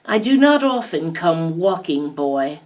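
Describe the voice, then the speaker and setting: A woman voicing an ancient towering tree monster with a booming, declaiming voice, recorded from a distant mic. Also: very animated, a little slow, darkish tone. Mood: commanding. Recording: distant mic, faint background hiss.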